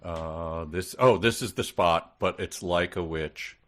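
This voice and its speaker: A male podcast co-host chatting casually about a book. His voice sits low, and his talk rambles in a loose, playful way, often breaking into laughter. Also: slow pace, a bit bright. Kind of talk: casual comedic book discussion.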